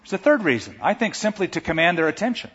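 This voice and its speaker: A man preaching a sermon as pastor, animated, shouting out quoted lines. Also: high voice, fast talker, slightly rough. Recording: dull recording in a reverberant hall.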